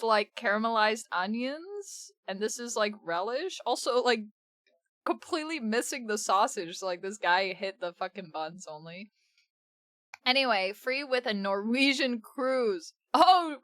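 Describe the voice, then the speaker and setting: High-voiced woman streamer ranting and cursing, bright dry sound. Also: a little slow, dry recording. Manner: animated, swears a lot, bursts into laughter. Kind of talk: casual live-stream commentary.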